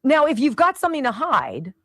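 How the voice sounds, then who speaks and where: A middle-aged woman hosting a talk radio show, delivering a sarcastic, opinionated monologue and slipping into quick voices for the people she quotes. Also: high voice, wildly swooping pitch, a bit bright, no room sound.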